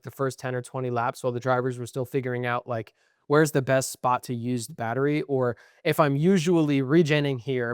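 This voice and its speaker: A young man ranting in casual podcast chat, profane and frustrated, with a middle-pitched voice. The recording is dry and close, with no room echo. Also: clean tone. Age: young adult. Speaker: podcast co-host.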